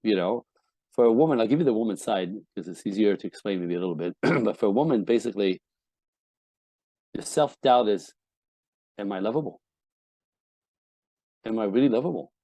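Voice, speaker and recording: On a candid podcast, a relationship coach guest talks in a lowish, warm, expressive voice, a little fast. He's blunt and emphatic, swearing a lot and performing quoted husbands and wives. There's no room sound.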